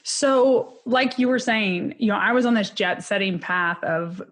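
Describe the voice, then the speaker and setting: A woman's voice: medium pitch, a little slow. A woman, a criminologist and podcast guest, telling a personal loss story in an earnest, candid and emotional way.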